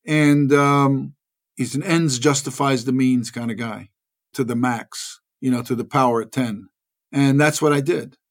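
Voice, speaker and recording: A man's voice: medium pitch, unhurried. A man telling rambling stories in a casual interview, acting out the people he quotes. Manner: rambling, animated, acts out quoted voices. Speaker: actor guest.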